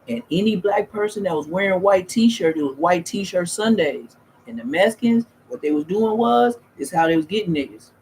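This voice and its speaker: A man's voice: fairly high pitch, slight background noise. A man, telling rambling, slangy, profane stories as a streamer in casual chat. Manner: profane, slangy, loose and restarting.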